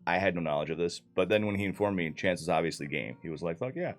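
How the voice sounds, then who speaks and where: A deep-voiced man talks quickly as he gives a casual recap of a tabletop game campaign he played. His delivery is loose and profane, packed with filler words.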